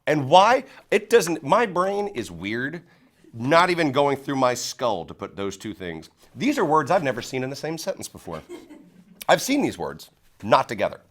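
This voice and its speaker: A man's voice: medium pitch, big pitch swings, moderate pace, fairly bright tone. A man hosts a local talk show, riffing through a casual monologue. His voice swoops up and down as he reacts with mock disbelief and laughs along with a small studio audience.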